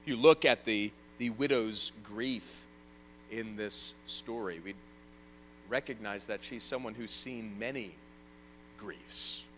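A man preaching an evening sermon and reading scripture aloud, earnest, rising loud and then dropping soft. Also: fairly low pitch, slow pace, slight background noise, rough recording.

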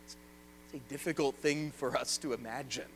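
A man's voice: mid-range voice, moderate pace, poor audio. Man, preacher, sermon, earnest, swells and drops, faint mains hum. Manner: earnest, swells loud then drops soft. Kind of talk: sermon with scripture reading.

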